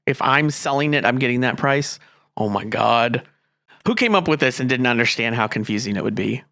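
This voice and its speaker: A man's voice: mid-range voice, creaky, a bit bright, dry recording. Guy rambling through a farm game, talks to himself, gets fed up easy, normal mid voice. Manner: rambling, thinks aloud, easily exasperated. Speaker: gameplay commentator. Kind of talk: casual let's-play commentary.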